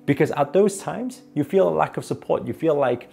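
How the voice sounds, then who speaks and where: A self-help speaker telling a personal story on his vlog, expressive and shifting between soft and emphatic delivery. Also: a little high, normal speed, vocal fry, hardly any pauses.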